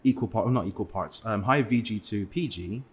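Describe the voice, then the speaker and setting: Hesitant, low-voiced English man. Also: brisk, slightly rough. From England. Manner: hesitant, many fillers and restarts. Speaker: podcast guest. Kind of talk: casual interview talk.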